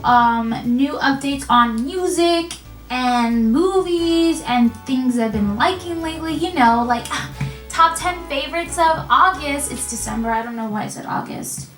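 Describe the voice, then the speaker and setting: A woman's voice: sits high, measured pace, a bit bright, far from the mic. A young woman vlogging casually while wrapping gifts, rambling and self-mocking and easily sidetracked, recorded on a camera mic in a room at home. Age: young adult. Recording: echoey room, voice off-mic, music behind.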